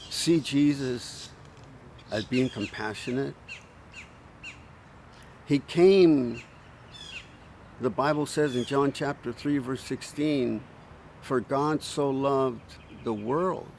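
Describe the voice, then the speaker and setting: Man, pastor, gravelly voice, unhurried earnest delivery, faint outdoor ambience. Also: mid-range voice, darkish tone, a little hiss or hum. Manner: slow, earnest, pausing between short phrases. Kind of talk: short sermon.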